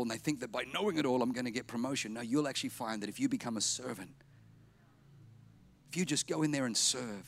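A man preaching a sermon, emphatic and repetitive, slowing down and softening for effect. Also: mid-range voice, creaky, a little hiss or hum. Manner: emphatic, repetitive, drops to slow quiet lines for effect. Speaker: pastor.

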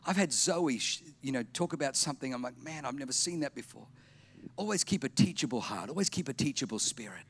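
A man preaching a sermon, emphatic and repetitive, slowing down and softening for effect. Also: medium pitch, breathy edge. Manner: emphatic, repetitive, drops to slow quiet lines for effect. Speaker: pastor.

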